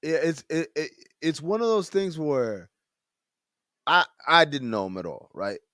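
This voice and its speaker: A man co-hosting a podcast, talking casually and haltingly, repeating words as he thinks. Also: on the high side, lively intonation, bright, forceful tone, no room sound, studio quality. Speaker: podcast co-host.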